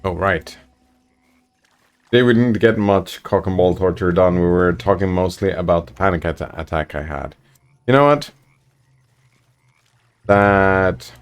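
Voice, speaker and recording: A man's voice: low-pitched, unhurried, pauses often, smooth. A man streaming a game, chatting casually and reading out viewer messages in a laid-back way. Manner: laid-back, chatty, reads chat aloud. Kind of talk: casual gameplay commentary.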